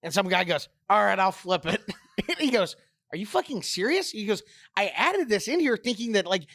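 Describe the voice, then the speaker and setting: A man's voice: sits high, a little fast, vocal fry. Blunt, swearing man co-hosting a podcast. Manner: blunt, profane, animated storyteller. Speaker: podcast co-host. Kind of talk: casual sports podcast chat.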